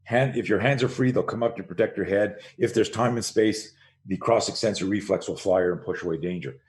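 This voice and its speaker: A man's voice: on the low side, a little fast. A man in his sixties, a self-defense coach guesting on a podcast, telling stories with energy, acting out the voices he quotes and repeating words as he restarts a thought. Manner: animated storyteller who acts out quoted voices. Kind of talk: storytelling interview.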